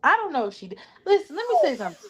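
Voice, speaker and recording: Woman co-host cussing and trash talking on a live stream, blunt and loud-mouthed. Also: high-pitched, wildly swooping pitch, very fast. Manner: blunt, profane trash talk. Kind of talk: casual livestream chat.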